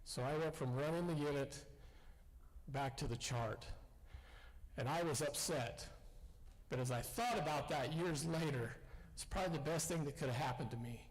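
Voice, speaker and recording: Veteran man, folksy storyteller, slightly higher voice, hall reverb. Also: moderate pace. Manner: folksy, self-deprecating. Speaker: veteran speaker. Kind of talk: storytelling speech. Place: school assembly hall.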